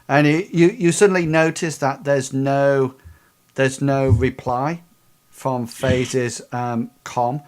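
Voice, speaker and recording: A man running a tabletop role-playing game, narrating scenes slowly with many pauses and ums. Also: mid-range voice, fairly even intonation, a little mellow. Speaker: game master.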